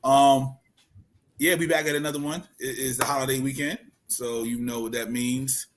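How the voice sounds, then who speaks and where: A man's voice: medium pitch, little pitch movement, moderate pace. A man hosting a casual family podcast chat, playful and joking as he introduces his guests. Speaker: podcast host.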